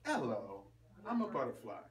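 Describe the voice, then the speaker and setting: A man voicing a kind, graceful female butterfly in a spoken story, gentle and courteous, recorded far from the mic in an echoey room. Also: mid-range voice, huge pitch swings, normal speed. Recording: far-off roomy noisy recording.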